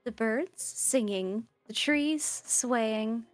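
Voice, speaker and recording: A woman's voice: fairly high pitch, very slow, no echo, soft background music. A woman reading as a creepy cheerful research AI. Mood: chirpy. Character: creepy female research AI, chirpy and odd. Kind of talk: reading game dialogue aloud.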